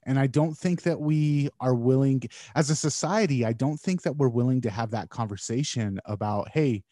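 A male guest speaking in relaxed conversation with a warm, mellow tone. He works through his ideas thoughtfully and at a measured pace. The sound is dry and close, with no room echo. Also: medium pitch. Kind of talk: casual conversation.

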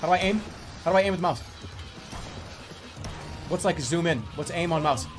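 A man's voice: fairly high pitch, a little fast. A man streaming a game, talking through it in an exasperated, swearing way, laughing at how broken it is. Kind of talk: gameplay commentary. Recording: loud game music behind.

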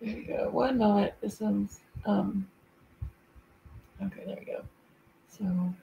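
A woman's voice: mid-range voice, fairly even intonation, slow pace, gravelly, dark tone, dull audio, a little hiss or hum. A woman telling a personal story in a casual, earnest way, quoting her own thoughts. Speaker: co-host telling a shared story. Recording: echoey room.

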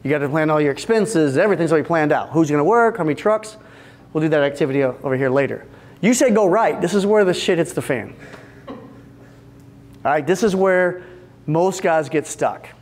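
A man with a notably high-pitched voice gives an energetic business seminar to a live audience. He jokes with the room, talks to people directly and slips into small acted-out exchanges. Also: a little fast. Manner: energetic, joking, addresses the audience directly and acts out little scenes. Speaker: seminar speaker for fence company owners.

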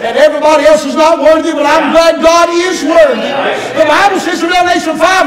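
A man delivers a fiery sermon in a very high, strained voice, shouting his points and asking the congregation rhetorical questions. He is picked up from a distance in an echoey church sanctuary. A congregation murmurs clearly behind him. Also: fairly even intonation, fairly quick, crowd noise. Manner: impassioned, shouting revival-style preaching. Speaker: pastor.

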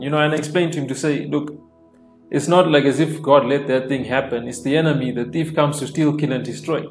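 A man preaching an informal online sermon, repeating phrases and dropping in frequent amens, slowing down to stress key lines. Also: medium pitch, fairly even intonation. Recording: echoey room with soft worship music.

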